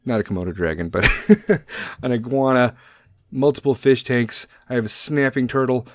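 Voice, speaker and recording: A man's voice: mid-range voice, moderate pace, no room sound. A man in his thirties hosting a podcast from home, talking casually, bluntly and with emotion, swearing freely. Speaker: podcast host. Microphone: podcast microphone.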